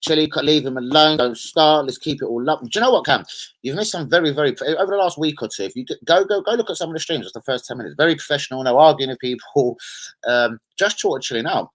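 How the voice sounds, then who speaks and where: A man's voice: a little high, fast talker. Man, football stream host, sweary, rambling banter, casual chat.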